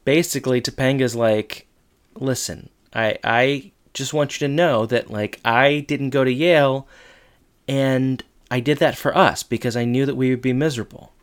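A man with a clear, resonant voice chats easily as a podcast co-host, walking through an episode's plot. He drops into quoted lines with comic emphasis. His voice sits at an average pitch for a man. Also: steady tone, moderate pace. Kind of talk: casual chat.

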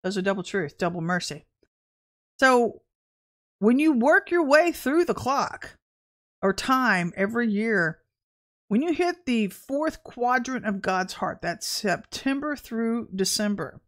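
A woman giving an informal prophetic message to her viewers, talking in an animated, emphatic way with sudden exclamations. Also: on the high side, takes it slowly. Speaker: self-described prophetess.

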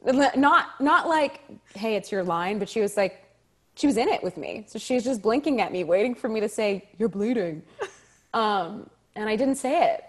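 A woman actor, appearing as an interview guest, tells a story in a voice on the high side. She's animated and quick to laugh, acting out the lines she quotes.

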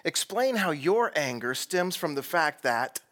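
A man preaching a sermon, animated and playful, acting out voices of figures in the story. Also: a little high, unhurried. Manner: animated, acts out voices of biblical figures with humor. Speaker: pastor.

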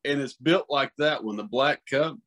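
A man in his thirties hosts a loose, casual chat. He rambles and swears freely, telling his stories with animated energy. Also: medium pitch, moderate pace. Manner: profane, rambling, animated storytelling. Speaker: podcast host.

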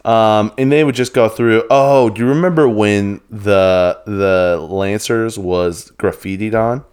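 Young man, podcast co-host, casual chat, low pitch, smooth clear voice, laid-back. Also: takes it slowly, darkish tone. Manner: laid-back, rambling, laughs often.

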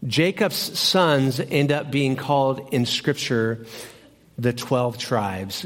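A young man preaching a sermon as pastor in a church, telling stories in an animated way and acting out both sides. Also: mid-range voice. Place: church sanctuary.

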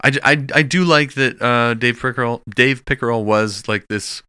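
A man co-hosting a podcast, talking in a relaxed, rambling way with plenty of fillers and restarts. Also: medium pitch, moderate pace, smooth, dry recording, clean studio sound. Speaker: podcast co-host. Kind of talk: casual chat.

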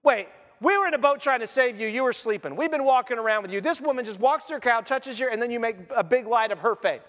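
A man's voice: very high voice, fast, fairly bright tone, in a large hall. A man acting out jealous disciples who complain in an indignant way during a sermon. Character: grumbling jealous male disciples.

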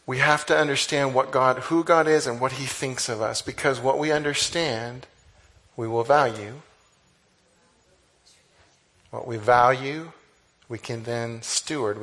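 Animated man preaching a sermon. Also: mid-range voice. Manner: animated, conversational preaching with exclamations. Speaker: pastor.

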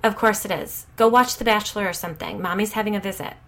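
A woman's voice: medium pitch, fairly bright tone, pitched above the performer's own voice, lightly acted. A woman reading the part of a brash, foul-mouthed suburban mother who gossips bluntly. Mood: breezy. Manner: blunt, swearing, rapid gossipy.

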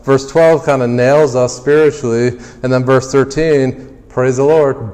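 A man delivers a sermon as pastor, pushing his voice up on key phrases and then dropping it low and quiet. His voice is of medium pitch for a man. It rings out with the long reverb of a large hall. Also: a little slow. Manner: emphatic preaching, climbs louder and higher on key phrases then drops low.

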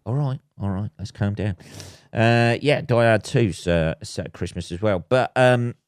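A man hosting a solo comedy podcast, rambling and swearing with deadpan asides. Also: fairly low pitch, a little slow, clear, resonant tone, dry recording, clean studio sound. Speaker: podcast host.

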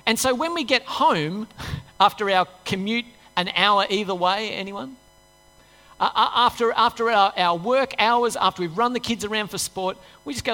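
Male pastor, high bright voice, conversational sermon in a reverberant hall. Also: animated, normal speed. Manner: conversational, acts out inner voices, rhetorical questions.

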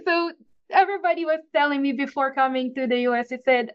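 A woman's voice: high voice, fast talker, no echo, highs cut off. Laughing woman telling her story. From Philippines. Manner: animated, laughs often, frequent restarts. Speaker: podcast guest. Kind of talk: casual interview storytelling.

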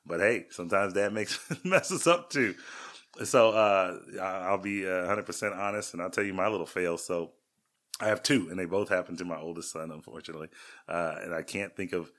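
A man's voice: low voice, brisk, fairly bright tone. A man in his thirties, a podcast co-host, telling self-deprecating stories in a rambling casual way with lots of restarts. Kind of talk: casual storytelling chat.

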